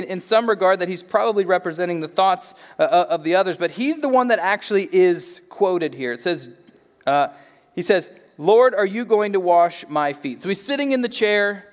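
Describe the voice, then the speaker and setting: A man preaching a sermon as pastor, in an earnest, conversational way that often repeats words as he restarts a thought. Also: sits high. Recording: long hall reverb.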